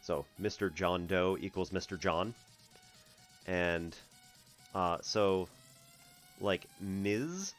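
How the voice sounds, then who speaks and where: A man from the US Northeast hosting a math stream, chatting casually, laughing often and clearing his throat. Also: sits low, animated, very slow, pauses often, faint music behind. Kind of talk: casual livestream chat.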